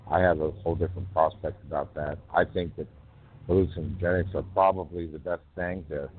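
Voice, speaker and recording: A man hosting a poetry call-in radio show, rambling and halting with many fillers. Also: deep voice, husky. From North Carolina. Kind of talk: casual call-in chat. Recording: tinny phone line.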